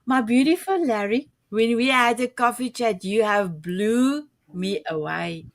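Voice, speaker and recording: A woman's voice: on the high side, animated, unhurried, no echo, clean studio sound. A South African woman hosting a talk show, effusive and gushing over her guests. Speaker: show host.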